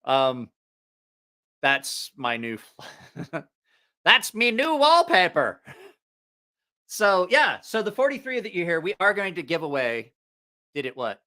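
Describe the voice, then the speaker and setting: A man's voice: a little high, sing-song, measured pace, bright, forceful tone. A man hosting a casual livestream, telling profane, rambling anecdotes with frequent laughter. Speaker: livestream host.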